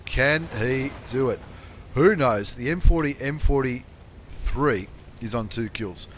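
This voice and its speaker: A man hosting a game channel, commentating replays in a chatty, slangy way and bursting into excited shouts and swearing. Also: mid-range voice, takes it slowly, a little hiss or hum.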